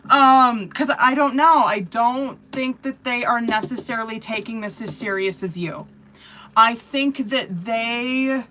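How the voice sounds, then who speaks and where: A woman's voice: fairly high pitch, sharp tone. A woman giving a live-stream tarot reading, talking bluntly and animatedly with lots of swearing and slang. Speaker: tarot reader.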